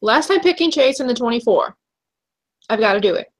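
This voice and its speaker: Young woman co-host, higher-pitched, chatty and easygoing. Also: expressive, a little fast. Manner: chatty, laughs easily, trails off and restarts. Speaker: podcast co-host. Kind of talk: casual chat.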